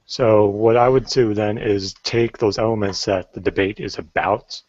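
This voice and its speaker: A man's voice: lowish voice, steady tone, normal speed, darkish tone, no room sound. A man on a podcast panel who talks in a hesitant, thoughtful way, working through his ideas as he goes. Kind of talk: casual podcast chat. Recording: dry, dull lo-fi voice call.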